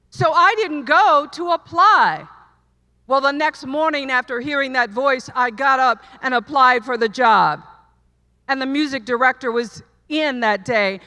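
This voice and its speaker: High bright woman speaking in a hall. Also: measured pace. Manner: earnest storytelling with repeated emphatic phrases. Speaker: commencement speaker. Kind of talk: commencement speech. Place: large hall, live audience. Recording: long hall reverb.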